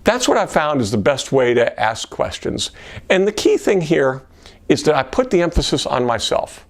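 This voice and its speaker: A man with a gravelly, fairly high voice gives an instructional talk to camera. His pitch moves a lot, rising and falling as he acts out sample questions in a gentler tone. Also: very animated, moderate pace. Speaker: systems engineering presenter.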